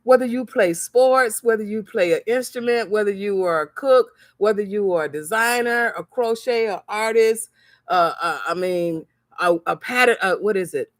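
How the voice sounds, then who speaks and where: A woman's voice: mid-range voice, normal speed, no echo, clean studio sound. A woman talking to her viewers in a motivational livestream, telling stories animatedly, acting out the voices of the people in them, and repeating phrases for emphasis like a preacher. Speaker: crafts seller and vlogger.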